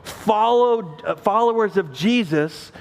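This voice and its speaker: A man in his forties preaching a sermon, telling a family story with animated acted-out dialogue and self-mocking laughter. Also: high voice, takes it slowly. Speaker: pastor. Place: church sanctuary. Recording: long reverb of a church hall.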